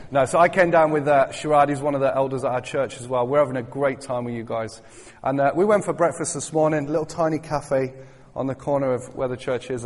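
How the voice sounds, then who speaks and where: A man preaching a sermon as a guest speaker in a church, chatty and joking, rising into fervent appeals to the congregation. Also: mid-range voice. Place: church hall. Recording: long hall reverb.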